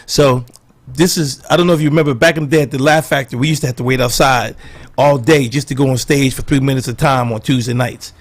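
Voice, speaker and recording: A middle-aged man and comedian guest, telling animated stories and acting out the quotes in casual podcast banter. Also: mid-range voice, fast. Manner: animated storyteller, acts out quotes. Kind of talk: storytelling banter.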